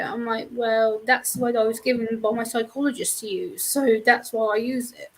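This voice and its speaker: A woman's voice: on the high side, steady tone, brisk, few pauses, low-quality recording. A woman guest on a casual live-stream chat, speaking candidly and frankly with easy laughs.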